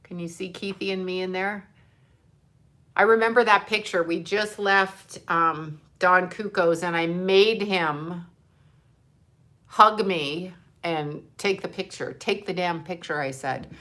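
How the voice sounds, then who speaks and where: A woman's voice: lowish voice, slow pace, pushed and bright. An older woman, a grandmother, chatting casually and emotionally on a livestream, rambling and swearing now and then. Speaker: livestream host.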